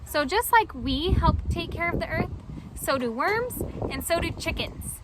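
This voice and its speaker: A woman reading a picture book to children, stopping to ask them questions in an animated way. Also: very high voice, unhurried, background noise. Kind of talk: children's story read-aloud.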